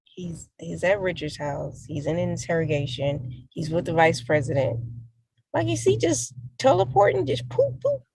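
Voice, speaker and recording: A woman's voice: lowish voice, sing-song, moderate pace, creaky, a little mellow, breathy edge, low-quality recording. A woman co-hosting a casual TV review podcast, asking incredulous questions about the plot. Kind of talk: casual spoiler review chat.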